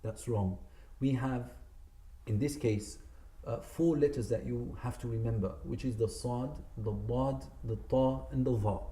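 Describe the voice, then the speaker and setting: A man teaches Quran recitation at a measured pace, his mid-range voice warm and fairly even in intonation, with a faint hiss or hum in the recording. The community centre room is echoey, and he patiently corrects common errors while elongating demonstrated words.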